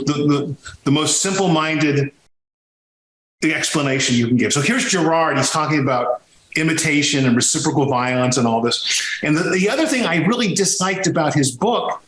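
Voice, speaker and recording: A man talking as a podcast guest, his voice sitting a little high for a man. He tells stories with animated swings of pitch when stressing a point. The sound carries a roomy echo around him. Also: a little hiss or hum. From Sicilian heritage. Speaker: podcast guest, music historian. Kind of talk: conversational interview.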